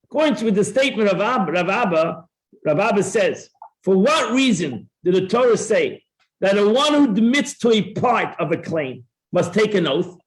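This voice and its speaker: A man with a fairly high voice teaches a classroom Talmud lesson. He acts out the claims of both parties in an animated way and restarts his phrases often. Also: moderate pace. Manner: repeats words and restarts often. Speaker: Torah teacher.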